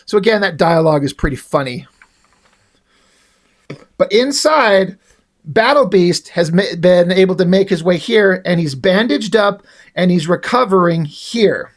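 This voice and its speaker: A man's voice: high-pitched, animated, measured pace. A man casually retelling the plot of a comic issue, reading its dialogue aloud in his own voice with only small shifts for the characters. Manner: reads dialogue aloud with little character voicing. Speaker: comic book reviewer.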